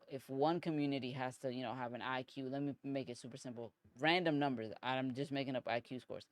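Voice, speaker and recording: A twentysomething solo podcast host speaks in a mid-range voice on a dry recording. His talk is casual, animated, profane and rambling, peppered with frequent "bro"s.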